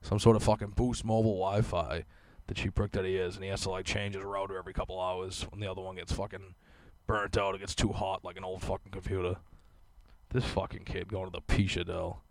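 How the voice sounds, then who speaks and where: Gravelly man ranting crudely. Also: deep voice, level tone, brisk, no room sound. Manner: sarcastic, crude, mocking voices of others. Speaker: podcast co-host. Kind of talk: profane comedic rant.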